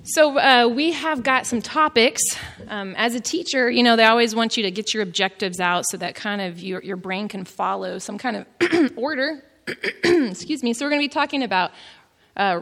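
A woman's voice: on the high side, fairly bright tone. A woman from Texas with a Texan accent, giving a folksy, chatty gardening class presentation with plenty of giggles and self-deprecating humor. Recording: reverberant hall.

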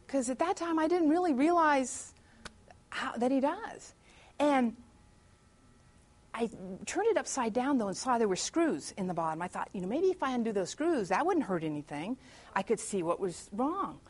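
A woman's voice: high voice, animated. A woman speaking at a church meeting, telling a personal testimony as a chatty story, acting out her own prayers and thoughts and breaking off to welcome people coming in. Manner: chatty storyteller who pauses to greet latecomers.

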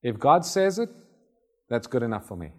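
Man, preacher, conversational sermon, acts out scenes, mid-pitched voice. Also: sing-song, normal speed, a little mellow.

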